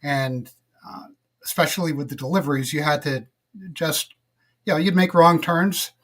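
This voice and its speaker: A middle-aged man with a slightly higher-pitched voice, chatting casually as a podcast guest. His delivery is relaxed and reflective and full of little fillers. He talks like someone recalling old jobs at an easy pace. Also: normal speed. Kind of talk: casual interview storytelling.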